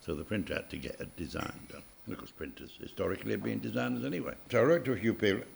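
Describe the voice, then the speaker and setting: An older man recalling his early years as a designer in a relaxed interview, chatty and full of anecdotes. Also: lowish voice, very fast, vocal fry, a little hiss or hum. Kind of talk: reminiscing interview.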